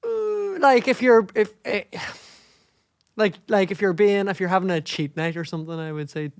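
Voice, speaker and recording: Higher-voiced, hesitant man. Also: lively intonation, creaky, clean tone, no room sound, clean studio sound. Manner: hesitant, full of fillers and restarts, quick to laugh. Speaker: podcast co-host. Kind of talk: casual chat.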